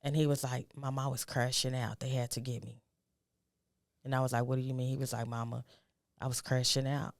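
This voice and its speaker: A woman's voice: little pitch movement, brisk, no echo, clean studio sound. Grieving mother telling her story. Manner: emotional, acts out quoted dialogue with rising pitch. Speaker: guest. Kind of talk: personal storytelling in conversation.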